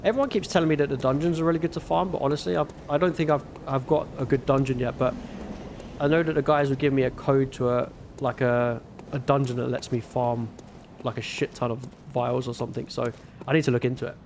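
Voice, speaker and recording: A man's voice: medium pitch, fairly even intonation, fast talker, darkish tone, slight background noise. A man with a northern English accent, chatting casually with viewers while gaming on a livestream in a laid-back, rambling way. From northern England.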